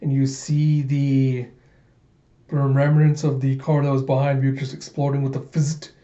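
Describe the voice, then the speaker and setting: Male comic reader, mellow lowish voice, casual playful recap, dull lo-fi audio. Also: unhurried. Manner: animated retelling of panels, playful asides. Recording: dull lo-fi sound.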